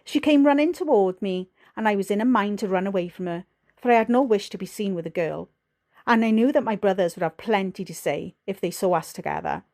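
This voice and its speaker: A woman with a Welsh accent narrating an audiobook in a steady, measured way. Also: medium pitch. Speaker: audiobook reader.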